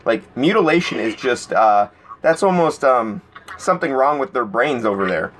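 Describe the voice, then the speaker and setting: A man's voice: medium pitch, moderate pace. A man hosting a casual podcast, telling stories with lots of acted-out quotes and laughter. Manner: animated storytelling, acts out quotes, laughs a lot. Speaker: podcast host.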